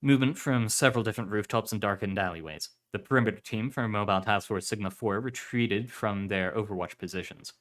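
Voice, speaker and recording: A man reading a story aloud on a live stream, in steady narration with some self-corrections. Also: on the low side, brisk, hardly any pauses.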